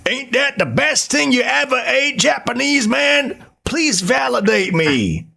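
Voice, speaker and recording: A man voicing a loud, bragging American bro who pushes for approval. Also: very high-pitched, big pitch swings, measured pace, gravelly, slightly rough, pitched above the performer's own voice, full character voice. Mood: boastful. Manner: pushy, begging for approval.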